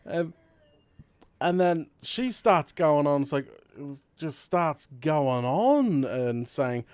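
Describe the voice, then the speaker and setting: A young Australian man, a streamer host, telling a story in casual chat with laughter and lively retelling. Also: on the high side, slow, smooth, no echo.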